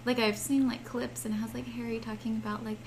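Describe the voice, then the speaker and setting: A woman's voice: fairly high pitch, little pitch movement, quick pace, background noise. A young woman co-hosting a podcast, chatty and teasing, giggling through casual talk. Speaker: podcast co-host. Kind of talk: casual chat.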